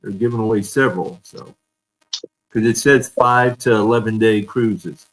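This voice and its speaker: A man's voice: fairly low pitch, fairly even intonation, normal speed, poor audio. A man hosting a casual live-streamed fan chat, telling stories and laughing often over a video call. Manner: chatty storyteller, laughs often. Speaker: fan show host.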